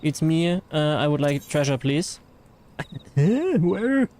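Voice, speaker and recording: A man's voice: fairly high pitch, big pitch swings, takes it slowly, a little mellow, faint music behind. A man with a German accent chatting casually through a game livestream, rambling with fillers and reading chat messages aloud. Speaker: streamer.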